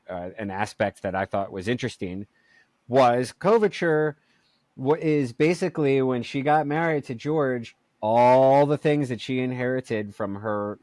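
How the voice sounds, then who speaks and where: A man's voice: mid-range voice, darkish tone, no echo. A man co-hosting a podcast in casual chat, joking about himself and laughing often. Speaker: podcast co-host.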